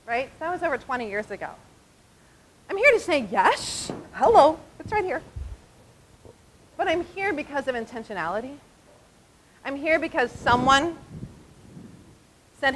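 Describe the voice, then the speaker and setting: A woman in her forties, a diaconal minister, giving an animated conversational talk at a church conference. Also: sits high, unhurried, pauses often, slight background noise, rough recording. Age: 40s. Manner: animated and conversational, often asking "right?". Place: conference hall.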